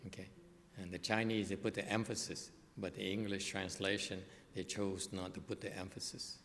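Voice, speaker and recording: Lower-pitched male teacher, halting lecture with frequent fillers, echoing lecture hall. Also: flat delivery, fairly bright tone, slight background noise. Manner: halting, with many fillers and restarts. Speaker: Buddhist dharma teacher. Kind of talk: bilingual dharma lecture. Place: hot lecture hall without air conditioning. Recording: long hall reverb.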